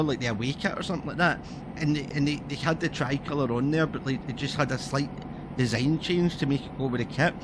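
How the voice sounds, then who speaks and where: A Scottish man with a Scottish accent streams a game, ranting casually, heatedly and with lots of swearing as he plays. His voice is medium-pitched, and there's background noise.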